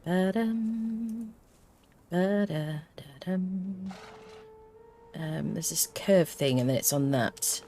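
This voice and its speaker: A woman's voice: deep voice, fairly even intonation, unhurried, gravelly, hardly any pauses, darkish tone, a little hiss or hum. A woman streaming a video game, chatting to her viewers and humming little tunes to herself as she plays. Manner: chats to viewers. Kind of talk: casual live-stream chat while playing.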